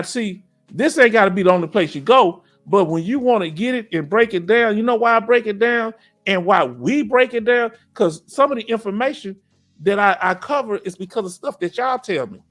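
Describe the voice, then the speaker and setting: A middle-aged man with a Southern US accent hosts a casual veterans' live stream. He reads viewer comments and keeps checking in with "you understand?". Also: sits high. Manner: animated, preachy, keeps asking "you understand?".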